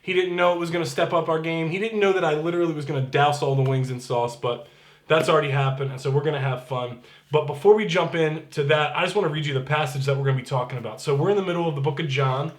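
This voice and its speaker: A man's voice: fairly high pitch, fairly even intonation, quick pace, reverberant. A man serving as pastor, giving casual church announcements in an upbeat, chatty way and reading scripture aloud.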